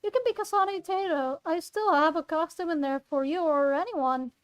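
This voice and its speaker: A woman voicing a chirpy teen girl, pitched up high. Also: moderate pace. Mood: cheerful. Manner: eager, chirpy. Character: bubbly excitable teen girl.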